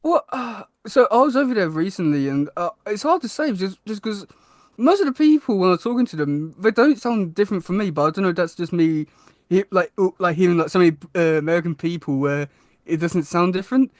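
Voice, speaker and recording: Young british guy chatting on a podcast, kinda high voice, lots of ums, dry sound. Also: animated, a little fast, no echo. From Britain. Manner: hesitant, many fillers and restarts. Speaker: guest. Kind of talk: casual podcast chat.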